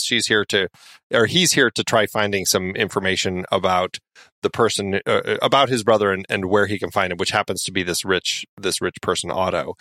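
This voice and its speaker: Low-voiced man recapping film scenes. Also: no room sound, clean studio sound. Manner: relaxed, laughs along, recaps scenes. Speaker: podcast co-host. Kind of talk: casual film review chat.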